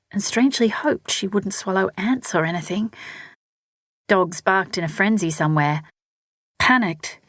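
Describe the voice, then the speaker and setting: Husky-voiced woman reading a story. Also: mid-range voice, no echo, studio quality. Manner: steady storytelling read. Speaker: audiobook narrator. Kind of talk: scripted narration.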